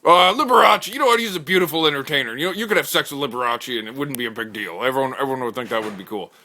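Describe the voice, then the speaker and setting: A man voicing a group of loud, boastful macho men who boast and cheer around a table. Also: medium pitch, racing, a little hiss or hum, voice pushed up. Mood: hyped. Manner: shouty, boastful, hyped.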